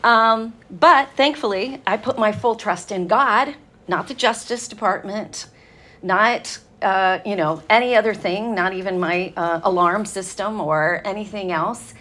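A woman speaking to a women's gathering in an earnest, conversational sermon style, telling stories with fillers and pauses. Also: medium pitch, fairly bright tone.

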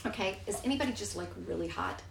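A woman's voice: medium pitch, lively intonation, quick pace, creaky, echoey room, distant mic, noisy background. A woman leading a Bible study, explaining the text in a chatty way, asking the group questions and reading passages aloud. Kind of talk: teaching and reading scripture aloud. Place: room with a small group.

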